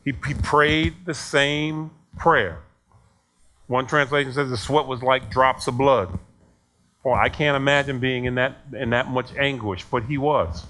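A man's voice: mid-range voice, fairly even intonation, measured pace, sharp tone, slight background noise. A man preaching a sermon in a conversational way, telling a story and acting out the dialogue with chuckles.

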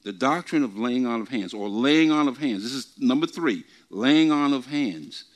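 A man teaching from the Bible before a group, often asking questions and repeating his words, reading scripture slowly with emphasis. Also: medium pitch, animated. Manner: asks the congregation questions and repeats himself. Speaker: preacher. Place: church meeting before a group.

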